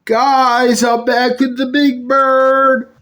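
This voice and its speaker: High slow voice doing a whole skit. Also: little pitch movement, fairly bright tone. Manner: switches between several character voices, bickering. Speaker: puppet video maker. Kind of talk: comedic skit performing all characters.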